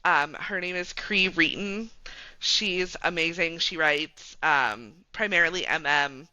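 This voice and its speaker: A woman's voice: lowish voice, takes it slowly, sharp tone, smooth, no echo, poor audio. A woman guest on a podcast, chatting casually and laughing a lot, with plenty of "like" and "um" fillers. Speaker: guest, romance bookstore founder.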